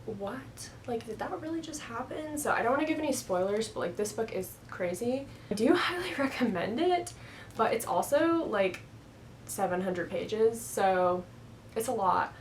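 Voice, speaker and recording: A woman's voice: mid-range voice, very animated, moderate pace, a little hiss or hum, poor audio. A young woman in a casual book haul vlog, chatting at home into a camera on a stand and filling her talk with "like". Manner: chatty, rambling, heavy use of "like". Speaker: book vlogger. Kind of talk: casual chat.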